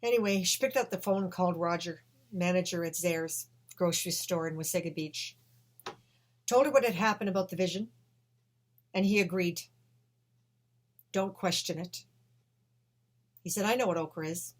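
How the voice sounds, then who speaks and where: A woman telling a personal story with emotion, swinging between hushed and loud. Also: lowish voice, normal speed, long pauses.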